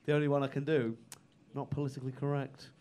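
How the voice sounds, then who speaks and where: A man's voice: mid-range voice, little pitch movement, fast, darkish tone. A male stand-up comedian doing crowd work on a club stage, teasing the audience with crude, cheeky banter.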